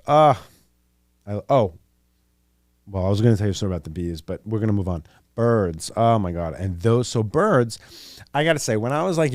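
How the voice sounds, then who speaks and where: A young man hosts a podcast as a loose, rambling monologue with joking asides. His fairly low voice has a darkish tone, heard in a dry, clean studio recording.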